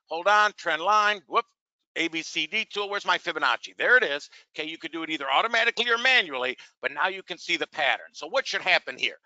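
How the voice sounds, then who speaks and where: A man's voice: high-pitched, bright, forceful tone, no room sound. A man teaching trading on a live webinar. He talks with salesy energy, keeps asking rhetorical questions and calls his listeners "gang". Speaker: trading educator.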